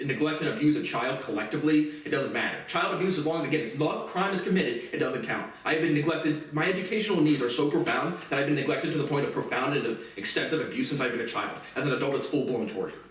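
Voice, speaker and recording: A man in a bitter, profane monologue rant, repeating himself as he goes. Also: fairly high pitch. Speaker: vlogger. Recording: very echoey room, distant mic.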